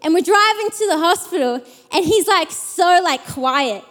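A young adult woman preaching a sermon, reading scripture and telling a personal story in a lively, chatty way with many fillers. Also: extremely high pitch, normal speed. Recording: long hall reverb.

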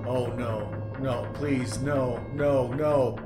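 A man's voice: mid-range voice, steady tone, extremely slow, over music, pitched above the performer's own voice. A man narrating and voicing a panicked cargo pilot who stammers out pleas. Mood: despairing.

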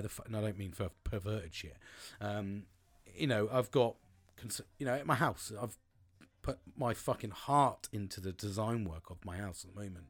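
A man talks things through in a loose, rambling monologue. His voice sits fairly low, and he swears freely and keeps calling people "mate". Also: moderate pace. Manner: rambling, swears often, says "mate" a lot. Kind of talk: casual monologue.

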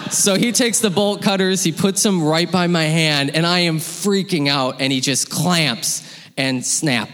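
A man telling a personal story live on stage, lively and laughing, acting out the voices of his parents. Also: high-pitched, normal speed, slight background noise. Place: hall with audience. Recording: long hall reverb.

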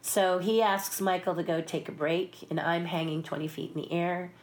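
A woman with a fairly low voice and a moderate pace works as a puppeteer and stunt performer. In a casual interview she tells lively behind-the-scenes stories, acting out the voices and laughing often.

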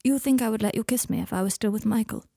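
A woman's voice: on the high side, quick pace, slightly rough, no echo, clean studio sound. Woman playing a curt, guarded young man. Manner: short, flat replies. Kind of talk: audiobook fiction reading.

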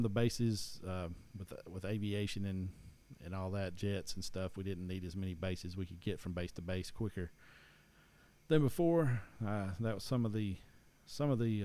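A man's voice: lowish voice, dark tone. A man, chatting casually and rambling with many restarts. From East Tennessee. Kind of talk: casual chat.

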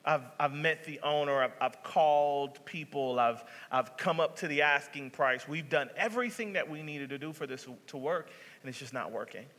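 Man, pastor, conversational sermon, bright voice, echoing church hall. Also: a little high, normal speed, few pauses. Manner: conversational preaching, many restarts. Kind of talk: sermon storytelling. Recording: reverberant sanctuary sound.

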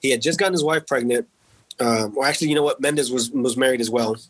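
In a rough recording, a man who served in the military talks fast in a slightly rough, mid-range voice. He shares a personal story candidly and profanely, with frequent fillers like "man" and "dude".

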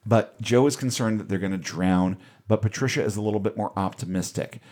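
A man's voice: on the low side, brisk, a little mellow. A man casually retelling a movie's plot on a podcast, wry and offhand, with the odd swear. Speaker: podcast host recapping a film. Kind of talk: casual recap chat.

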